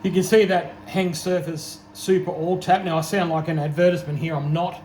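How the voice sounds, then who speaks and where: A man's voice: on the high side, flat delivery, fairly quick. Joking Australian man in echoey workshop. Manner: joking, self-deprecating. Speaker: home machinist. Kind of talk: casual workshop narration. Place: home workshop. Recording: echoey workshop with loud machine noise.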